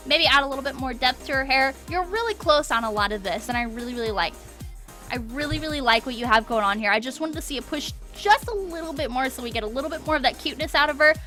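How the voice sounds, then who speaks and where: A woman's voice: high voice, pushed and bright. A woman streaming a live art critique, encouraging, often checking in with "okay?" and repeating words for emphasis.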